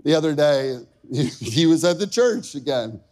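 Emotional preaching man, bright voice. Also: a little high, sing-song, unhurried. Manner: emotional storytelling, rising to loud shouting at peaks. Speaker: pastor. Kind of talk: sermon with personal story.

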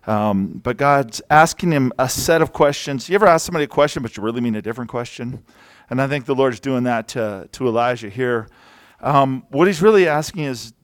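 A man's voice: mid-range voice, dry recording. A man giving a sermon in a church in a casual, conversational way with joking asides, speaking into a mic. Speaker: preacher. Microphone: handheld or worn mic.

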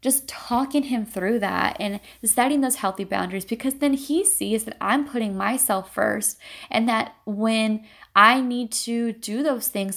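Woman, mother, mid-pitched voice, gravelly vocal fry, earnest, reflective personal storytelling. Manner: earnest and reflective, often starting with "and so". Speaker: mother sharing parenting experience.

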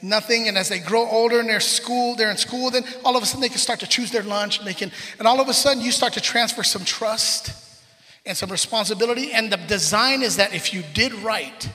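A man in his forties preaching a conversational sermon as a pastor, telling animated family stories. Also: high voice, a little fast. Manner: animated storytelling, acts out family scenes. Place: church sanctuary. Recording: reverberant hall.

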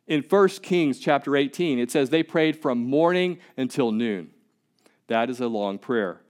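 A man's voice: mid-range voice, expressive, unhurried, darkish tone. Male pastor, mid-range voice, conversational but emphatic sermon delivery. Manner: conversational and emphatic, with repeated words.

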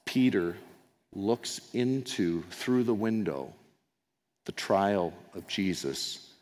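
A male pastor with a lowish, darkish voice takes his time, speaking in an animated way. He preaches by telling the story conversationally with asides and acted-out quoted lines, all under a long hall reverb.

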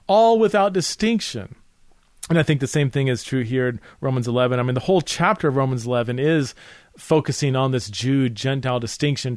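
A man's voice: a little high, no echo. A man hosting a podcast, explaining theology in a casual, earnest monologue full of fillers and restarts. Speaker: podcast host teaching theology. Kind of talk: casual spoken teaching monologue.

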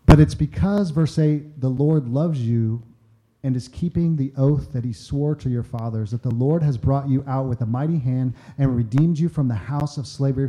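A man's voice: medium pitch, mellow. A man preaching a conversational sermon, often acting out quoted voices and repeating words as he starts sentences. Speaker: pastor.

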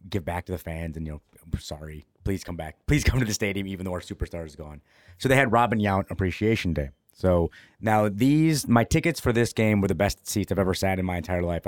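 A man with a low voice co-hosts a podcast and spins an anecdote with lots of energy. He keeps it casual and sometimes acts out the people in his story. The sound is dry and close. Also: dry recording. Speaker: podcast co-host.

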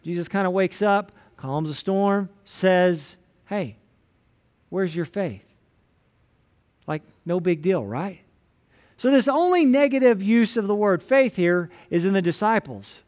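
Pastor, man, higher voice, relaxed storytelling sermon style. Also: measured pace. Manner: casual storytelling, retelling scripture in everyday words.

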